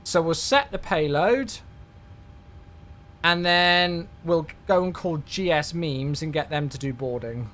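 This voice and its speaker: Speaking slowly in a fairly high voice, this thirtysomething British man is on a live stream, gushing with excitement as he casually thanks those watching.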